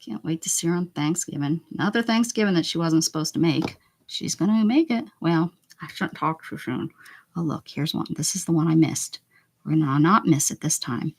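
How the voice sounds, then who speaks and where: This woman has a deep, somewhat mellow voice with lively intonation and a normal pace. Speaking in a northern US accent, she paints during her craft livestream, chatting casually, whispering and muttering to herself, and responding to comments from viewers.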